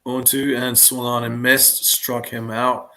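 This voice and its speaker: A man with a rough, gravelly voice calls pitches over a live game from home. His delivery is casual and blunt, and he curses when his team struggles. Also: little pitch movement, a little slow, sharp tone. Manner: calls pitches, swears in frustration. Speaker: live watch-along co-host calling the pitches.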